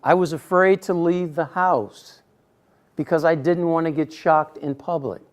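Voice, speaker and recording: A middle-aged man telling a personal story in a speech to an audience, acting out quotes with sudden loud bursts. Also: a little high, steady tone, a little slow. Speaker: speaker giving a personal talk.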